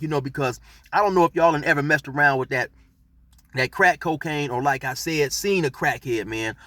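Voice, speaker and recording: A man's voice: on the high side, a little fast, fairly bright tone, no echo. A middle-aged man telling a street story in laid-back slang, rambling with fillers as he goes. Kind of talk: casual storytelling.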